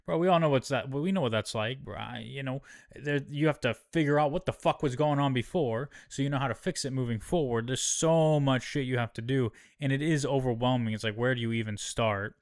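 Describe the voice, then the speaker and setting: A man's voice: medium pitch, no room sound, clean studio sound. A man casually recapping a TV episode, slangy and profane, rambling with lots of fillers. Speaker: show host.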